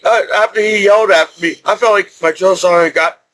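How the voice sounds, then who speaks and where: Middle-aged man, high voice, loose rambling storyteller who laughs between lines. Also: brisk, fairly bright tone. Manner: rambling, repeats and restarts, laughs often. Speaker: veteran telling his story. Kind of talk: casual storytelling.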